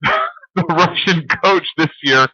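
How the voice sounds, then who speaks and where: A man's voice: fairly high pitch, wildly swooping pitch, slow, bright, forceful tone, husky, dry recording, lo-fi sound. A man co-hosting a late-night radio talk show, chatting and teasing his partner in casual banter.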